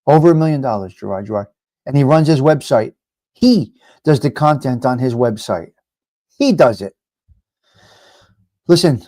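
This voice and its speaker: A man's voice: mid-range voice, mellow, dry recording. A man hosting a live stream, ranting bluntly and profanely to his viewers and repeating himself. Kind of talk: casual ranting chat with viewers.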